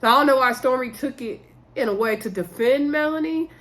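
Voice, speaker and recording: A woman hosting a casual reality-show recap vlog, chatty and animated, laughing often and talking straight to her viewers. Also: sits high, fairly quick. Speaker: YouTube reality-show reviewer.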